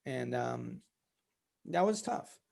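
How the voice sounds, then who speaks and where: A man's voice: medium pitch, animated, takes it slowly, gravelly, a little mellow. A man, a company founder, candidly telling a personal story in an interview, with many fillers. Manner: candid, many fillers, relives events vividly.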